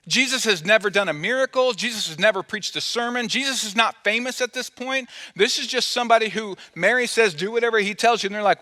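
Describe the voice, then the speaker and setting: A man's voice: high voice, fast, few pauses, pushed and bright. A man preaching a sermon as pastor, telling a story playfully and acting out the quoted dialogue. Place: church auditorium. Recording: long hall reverb.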